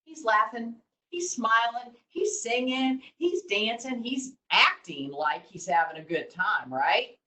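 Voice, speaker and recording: Animated woman telling kids a story. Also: on the high side, takes it slowly. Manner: animated, asks the kids questions. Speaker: children's storyteller. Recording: roomy, distant mic.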